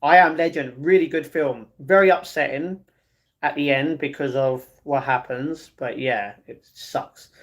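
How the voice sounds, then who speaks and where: With a fairly high, steady and fairly bright voice, a male livestream host goes through viewer comments out loud. He replies in a laid-back, talkative manner, frequently tripping over his words and starting over.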